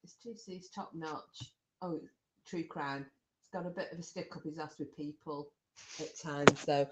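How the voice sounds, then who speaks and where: Slow-talking chatty woman. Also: sits low, steady tone, breathy edge. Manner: chatty, laughs often, reacts to chat comments. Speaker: livestream host reading chat. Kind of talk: casual livestream chat.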